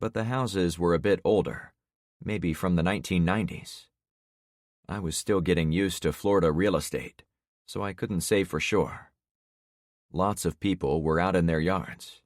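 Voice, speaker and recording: A man reading a first-person audiobook in a steady, measured way. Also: sits low, dry recording, studio quality. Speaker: audiobook narrator. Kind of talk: scripted first-person narration.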